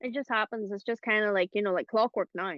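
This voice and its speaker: A woman's voice: medium pitch, quick pace, no room sound, highs cut off. A woman hosting a casual chat about voice acting, talking chattily with lots of fillers and laughs. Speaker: host.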